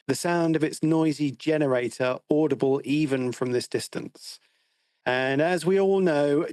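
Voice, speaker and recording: A man with a fairly high, darkish voice co-hosts a film podcast, recounting the plot in a wry, teasing manner. The recording is dry, with no room sound, and the talk is casual film discussion.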